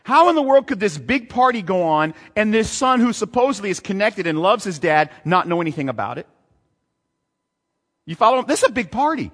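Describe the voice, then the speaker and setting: A male pastor preaching a sermon, animated, reading scripture and throwing out rhetorical questions, recorded in a large hall or church. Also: high voice, a little fast. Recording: long hall reverb.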